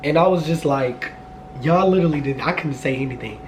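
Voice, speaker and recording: A young man in his twenties, voice a touch higher than most, spins a storytime vlog in a lively, cursing rush. His delivery keeps jumping up into high, excited outbursts. A faint hum sits under the recording. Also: fairly quick. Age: 20s. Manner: animated, profane, jumps to high excited outbursts. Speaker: vlogger.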